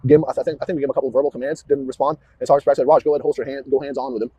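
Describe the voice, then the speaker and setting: A man, a police officer, walking investigators through events in a halting way, often repeating words and restarting. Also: mid-range voice, steady tone, mellow, breathy edge. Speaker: police officer questioned about a shooting. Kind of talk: recorded interview walkthrough.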